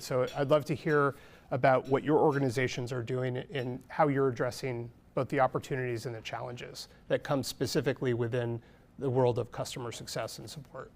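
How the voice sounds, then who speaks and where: A man from California hosting a live panel discussion on a conference stage, speaking steadily with frequent ums and restarts. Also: mid-range voice. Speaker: panel moderator. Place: conference stage before an audience.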